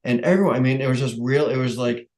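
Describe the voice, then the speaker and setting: A man's voice: mid-range voice, fast talker, darkish tone. A man with a New England accent, chairing a neighborhood council meeting in casual, rambling talk with many restarts. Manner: rambling, self-correcting, chuckles often.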